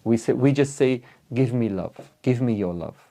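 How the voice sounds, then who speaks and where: A man's voice: medium pitch, lively intonation, normal speed, vocal fry, warm tone. A man teaching an online English grammar lesson, patiently repeating each example aloud.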